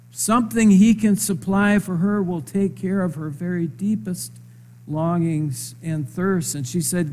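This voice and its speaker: Man giving a sermon, slow and chatty, keeps asking "doesn't he?", bit higher voice. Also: fairly even intonation, a little mellow. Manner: conversational, asks the audience rhetorical questions; slow, emphatic phrasing. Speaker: preacher.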